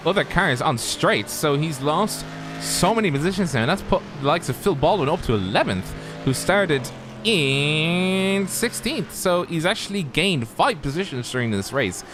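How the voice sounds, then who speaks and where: A man's voice: a little high, big pitch swings, normal speed, music in the background. A man co-commentating a sim race live, chatty and joking. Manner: chatty, laughs, loose and joking.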